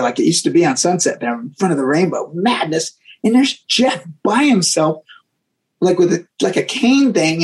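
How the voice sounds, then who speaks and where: Gravelly, husky man telling road stories. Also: high voice, low-quality recording. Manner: animated, repeats words, acts out voices in stories. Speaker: guest musician. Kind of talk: casual storytelling interview.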